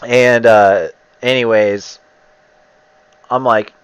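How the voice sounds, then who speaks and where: A man's voice: on the low side, moderate pace, a bit bright, low-quality recording. Profane rambling man telling a story. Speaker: gamer streamer. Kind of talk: casual storytelling while gaming.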